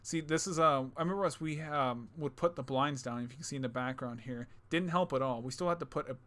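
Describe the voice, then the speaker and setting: Excitable man chatting on a stream. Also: mid-range voice, fast. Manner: excitable, swears freely. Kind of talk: casual chat.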